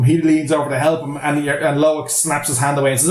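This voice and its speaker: Irish male podcast host, slightly high voice, loose sweary recap style, roomy echo. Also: steady tone, moderate pace. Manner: sweary, rambling, laughing recap. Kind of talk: casual podcast movie recap.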